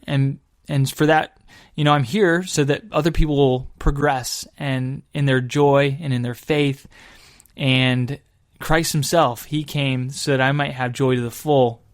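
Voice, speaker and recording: A man's voice: mid-range voice, dry recording, clean studio sound. A man hosting his own podcast, telling a travel story in an enthusiastic, casual way. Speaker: podcast host and Catholic evangelist.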